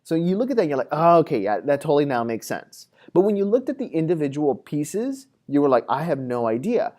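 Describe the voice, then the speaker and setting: A man's voice: fairly high pitch, very animated, fairly quick, mellow. A man giving a classroom lecture, talking casually with fillers and acting out everyday scenarios in quoted voices. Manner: conversational with frequent fillers. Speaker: psychology lecturer.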